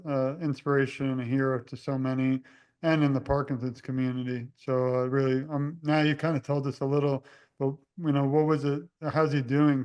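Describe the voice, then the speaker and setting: A young man hosting a casual interview, rambling and halting with many fillers. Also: medium pitch, a little mellow, clean tone, muffled recording. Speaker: host.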